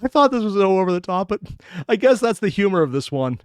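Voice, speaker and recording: Dude reacting to a cartoon, kinda high voice, all over the place, laughs a lot. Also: male voice, fast, smooth, soft background music. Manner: animated, laughs often, excited. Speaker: reaction video host. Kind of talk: casual commentary while reacting to an animation.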